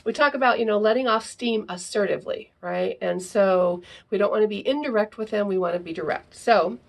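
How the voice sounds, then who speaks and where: A woman with a gravelly, slightly husky voice talks parents through a lesson in a relaxed, informal way. She keeps checking in with a quick "right?" after her points and now and then slips into acting out short example phrases. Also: mid-range voice. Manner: peppers sentences with tag question "right?"; acts out example phrases to children. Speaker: parenting educator and teacher. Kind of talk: informal teaching talk to parents.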